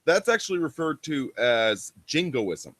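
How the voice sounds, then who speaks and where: A man's voice: on the high side, sing-song, a little slow, a bit bright, no echo. Blunt casual male host. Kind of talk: casual call-in chat.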